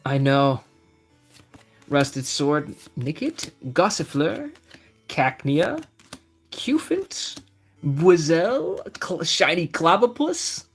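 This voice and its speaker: A man's voice: fairly high pitch, sing-song, very slow, gravelly, long pauses, slightly rough. A young man chatting casually on a live stream, reading out card names as he opens packs and answering his chat. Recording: faint music behind the voice.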